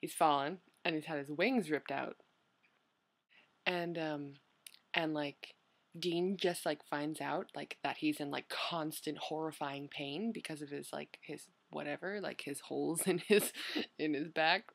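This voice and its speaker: Rambling young woman, lowish voice. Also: fairly even intonation, measured pace, gravelly. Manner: rambling, heavy use of "like" and "you know". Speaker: vlogger. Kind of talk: casual chat answering questions.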